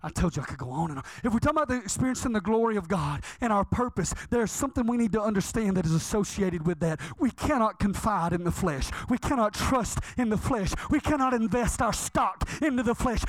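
A man's voice: high-pitched, lively intonation, brisk, few pauses, no room sound. A man, fervent and emphatic, stretching out the words he stresses. The sound is dry and close, with no room around it. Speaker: preacher. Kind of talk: sermon.

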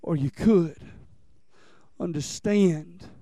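A man's voice: fairly high pitch, very slow, mellow, no echo. A man preaching a sermon, building passion through repetition and calling the congregation to say lines back with him. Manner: impassioned preaching with repetition and call-and-response. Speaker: pastor.

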